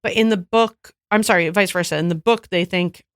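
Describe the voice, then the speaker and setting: A woman co-hosting a casual podcast chat, telling stories with lively acted-out quotes. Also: on the low side, brisk, no echo, clean studio sound. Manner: animated storyteller who acts out quoted voices. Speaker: podcast co-host.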